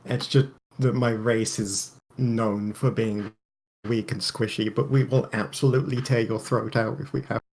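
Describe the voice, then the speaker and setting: A man's voice: lowish voice, fairly even intonation, normal speed, gravelly, a little mellow, a little hiss or hum. Joking man in a game chat. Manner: jokey, laughs often. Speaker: player. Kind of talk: casual tabletop game chat.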